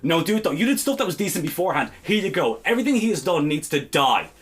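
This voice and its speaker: A man's voice: a little high, big pitch swings, fast, fairly bright tone. A man co-hosting a podcast, ranting in heated, exasperated bursts and swearing freely. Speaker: podcast co-host. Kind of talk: ranting casual chat.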